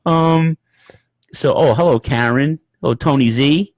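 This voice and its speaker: Podcast co-host, male, cursing, animated storyteller, dry room. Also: on the high side, slow pace, no echo. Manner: profane, animated storyteller, acts out voices. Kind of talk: casual podcast chat, storytelling.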